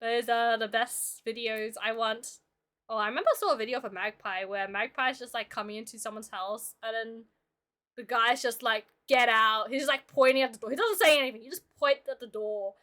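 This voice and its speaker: Young woman streaming, high bouncy voice, bright and chatty, playful. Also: brisk. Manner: chatty and playful, talking to chat. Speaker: streamer and illustrator. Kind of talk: casual livestream chat while drawing.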